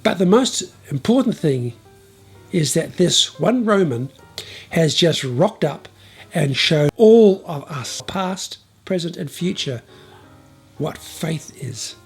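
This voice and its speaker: A man voicing Jesus as a calm, kind teacher who proclaims gently in a spoken bible story. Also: on the high side, slow, slightly rough, faint music behind, full character voice. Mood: warm.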